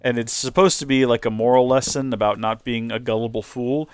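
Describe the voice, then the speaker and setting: A man's voice: mid-range voice, fairly even intonation, fairly quick, smooth. A young man hosting a video game playthrough, chatting in a rambling, playful way. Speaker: host.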